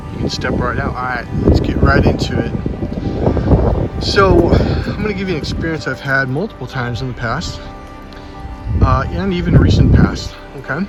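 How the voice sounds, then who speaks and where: A man giving an animated, rambling outdoor monologue, swearing and correcting himself as he goes, on a handheld mic. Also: mid-range voice, muffled recording. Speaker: self-help vlogger. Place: outdoors by the water on a windy day. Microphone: handheld microphone, cupped at times. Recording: loud wind buffeting the microphone. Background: heavy wind noise.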